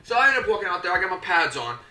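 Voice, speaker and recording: A young man telling a comedic story, animated and slangy, acting out his own voice and his coaches' voices. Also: high-pitched, racing. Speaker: YouTuber. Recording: echoey room, a bit distant from the mic, faint music.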